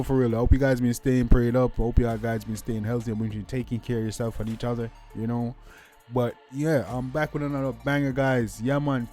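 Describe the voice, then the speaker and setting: A man's voice: mid-range voice, a little mellow. A man from Jamaica hosting a music reaction channel, talking in a loose, hyped way that leans on "yeah, man" between thoughts. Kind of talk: casual reaction commentary.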